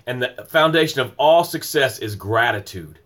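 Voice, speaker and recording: A middle-aged man hosts a morning motivational livestream. He builds his points through emphatic, repetitive phrasing in a preaching rhythm. His voice sits at an ordinary mid pitch. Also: animated, normal speed, a bit bright. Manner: greets viewers by name mid-flow.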